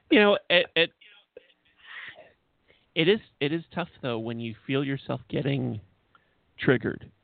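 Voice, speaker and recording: A man's voice: medium pitch, expressive, slow pace, vocal fry, pauses often, no room sound. A man hosting a radio talk show, speaking hesitantly and repeating his words. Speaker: radio show host, medium. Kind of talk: casual talk radio chat. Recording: dry, tinny phone-line audio.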